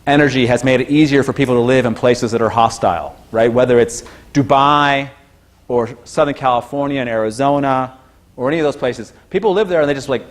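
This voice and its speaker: A man giving an informal university lecture, chatty and animated, who breaks into high-pitched exclamations when acting out what people say. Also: fairly quick.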